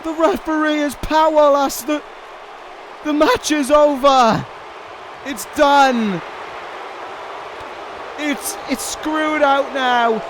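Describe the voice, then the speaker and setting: A man giving excitable play-by-play commentary on a wrestling video game, pleading and shouting at the action. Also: very high voice, slow pace, pauses often, poor audio. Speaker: YouTube gaming commentator. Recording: loud game crowd and noise behind voice. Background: video game crowd noise.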